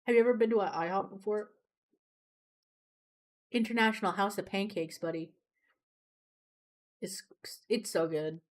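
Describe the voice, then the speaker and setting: While drawing on a livestream, a young woman chats in a loose, rambling way, cursing freely and laughing at her own anecdotes. She speaks at normal speed and a medium pitch, pausing often.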